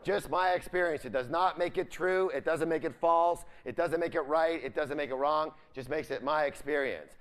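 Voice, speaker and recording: A man's voice: fairly high pitch, moderate pace, few pauses, a bit bright. A man giving a live seminar, full of upbeat energy, constantly asking the audience questions and leaving the ends of his sentences for them to fill in. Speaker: seminar speaker.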